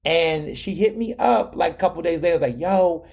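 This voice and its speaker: Casting note: young adult male podcast host, slightly higher voice, loose conversational storytelling with restarts and slang. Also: a little fast, gravelly, a little mellow. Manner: chatty, repeats words and restarts often, slangy. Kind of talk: casual storytelling monologue.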